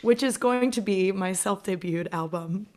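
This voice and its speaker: A woman's voice: medium pitch, moderate pace, a little mellow. An American woman co-hosting a history podcast in casual, jokey chat, laughing often. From United States. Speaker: podcast co-host.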